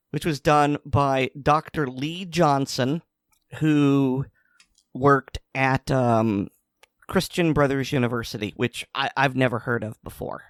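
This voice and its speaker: A man's voice: mid-range voice, no echo, clean studio sound. A man co-hosting a podcast, retelling a news story in a casual, sardonic way. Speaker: podcast co-host. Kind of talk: casual chat.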